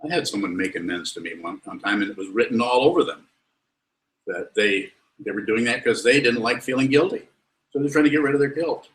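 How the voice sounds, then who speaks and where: A man's voice: medium pitch, lively intonation, brisk, fairly bright tone. A man giving a Buddhist dharma talk, blunt and wry, fielding questions from students. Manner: blunt, wry, lectures then lets students ask. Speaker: Buddhist teacher. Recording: roomy echo.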